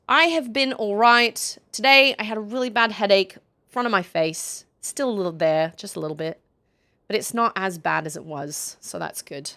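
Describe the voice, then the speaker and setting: A young woman streaming a video game, chatting playfully with quick asides. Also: medium pitch, sharp tone. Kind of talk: casual gaming stream chat.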